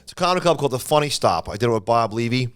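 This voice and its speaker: A man, a comedian and podcast host, telling animated stories in casual chat. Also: mid-range voice, rapid-fire, smooth. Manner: animated storyteller.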